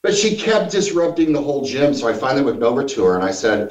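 A man's voice: mid-range voice, quick pace. A man from Missouri, a former gym owner, telling blunt, profane stories in casual talk. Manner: blunt, profane anecdotes with lively shifts. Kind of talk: casual storytelling. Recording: roomy, distant, dull sound.

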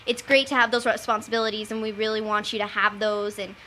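A young adult woman chatting casually as a panelist, telling stories in an animated way. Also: medium pitch, fast talker, a little hiss or hum. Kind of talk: casual chat.

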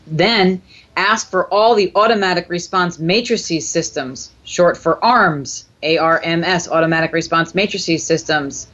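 On her self-help radio talk show, a woman with a lowish but fairly bright voice emphatically coaches a listener, repeating phrases like a chant. She tenderly addresses them as "my dear," and the audio is lo-fi.

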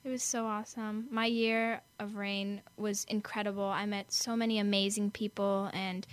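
A teenage girl from Arizona hosting a radio show, telling stories in a bubbly, animated way. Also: medium pitch, moderate pace, no room sound. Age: teens. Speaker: host. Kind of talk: casual radio chat.

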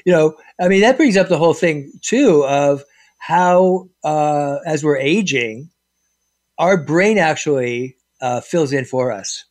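This man speaks slowly in a slightly high voice, telling stories in a casual chat with plenty of fillers and false starts. He's an animated storyteller, and the recording sounds dry.

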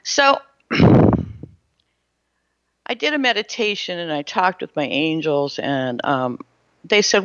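Woman, middle-aged, personal storytelling, animated delivery, repeats and restarts words, dry dull lo-fi sound. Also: deep voice, slow, long pauses, no echo. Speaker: spiritual storyteller.

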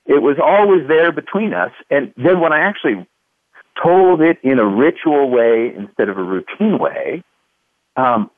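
A Kentucky-raised man in his fifties tells a story from his childhood as a radio guest. His voice rises and falls in a lively way as he acts out the people in it. It comes through a thin, phone-like line with no room sound. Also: mid-range voice, unhurried, no echo. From Louisville, Kentucky, USA. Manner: animated storyteller, acts out quotes. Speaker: guest author.

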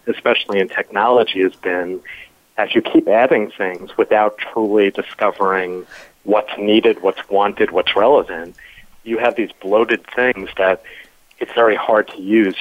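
A man's voice: fairly low pitch, no echo, phone-quality sound. A man on a panel, speaking thoughtfully over a remote call. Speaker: panel guest. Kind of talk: panel discussion.

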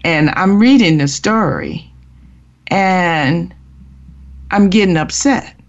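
A woman speaks slowly and earnestly as she shares a personal faith testimony. She often stops and restarts her sentences. The recording sounds muffled and lo-fi. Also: lowish voice, lively intonation. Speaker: guest sharing her testimony.

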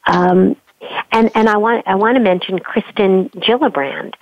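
A woman voice coach being interviewed, talking expressively and sometimes showing pitch changes with her own voice. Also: a little slow, dry recording, dull audio. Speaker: voice coach guest. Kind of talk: remote interview conversation.

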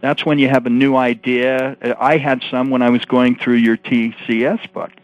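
An animated man tells stories as a radio guest, jumping into the voices of the people he quotes. His voice sits at an ordinary pitch. The broadcast has a slightly dull, muffled sound. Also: normal speed, no echo. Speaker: guest author and coach. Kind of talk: storytelling interview answers.

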